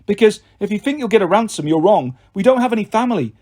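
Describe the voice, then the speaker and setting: A man's voice: high voice, expressive, fast talker, darkish tone, voice pushed up. A man reading a storybook, voicing a frightened but sarcastic teenage girl. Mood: defiant. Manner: defiant and sarcastic.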